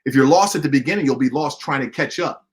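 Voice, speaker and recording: A man voicing a calm, stern older male college dean who lectures in a measured way. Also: mid-range voice, voice pushed down, close to an everyday voice. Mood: firm.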